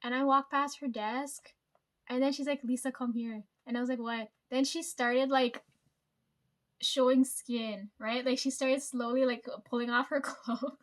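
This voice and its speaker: Woman vlogger with a high voice, rambling storyteller, swears a lot, leans on "like" and "right?". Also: steady tone, measured pace. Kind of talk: casual storytime chat.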